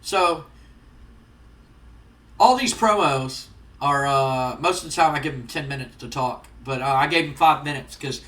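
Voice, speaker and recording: A man plays a wrestling management game and casually recaps results and storylines in quick, chatty let's-play commentary. His voice is medium-pitched with a fairly bright tone, recorded off-mic from a distance in a roomy space.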